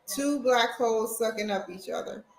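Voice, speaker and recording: A woman's voice: on the high side, normal speed, creaky, echoey room, soft background music, poor audio. A woman vlogging at home, chatting casually and rambling straight to her viewers. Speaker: vlogger, college student. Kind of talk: casual chat to camera. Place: at home, indoors.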